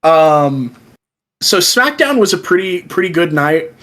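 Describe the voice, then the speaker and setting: A young man co-hosting a podcast in casual chat, excitedly retelling events and acting out the quoted lines. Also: on the high side, measured pace, poor audio. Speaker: podcast co-host. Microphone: remote call.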